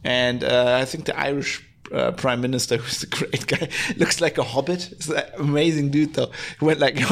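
Speaking at a moderate pace with a medium pitch, steady tone, and vocal fry, this man hosts a podcast. His rant is blunt and sarcastic, peppered with swearing, fillers, and frequent restarts.

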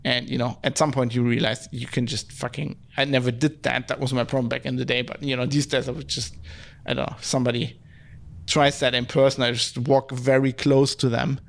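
A gravelly, medium-pitched man from Germany chats casually on a podcast, talking fairly quickly with a flat delivery. He rambles and swears, leaning heavily on filler words, especially "like".

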